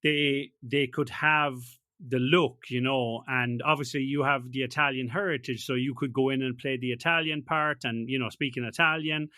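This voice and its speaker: A man hosting an interview, asking questions in a halting, conversational way. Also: medium pitch, steady tone, sharp tone, dry recording. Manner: halting, many "you know" fillers. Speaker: podcast host, interviewer. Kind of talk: casual interview chat.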